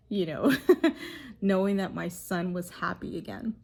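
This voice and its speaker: A mother speaking earnestly and haltingly to camera, telling a heartfelt story as a devotional reflection. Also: fairly low pitch, level tone, creaky. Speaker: mother sharing a faith reflection. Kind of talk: casual devotional talk to camera.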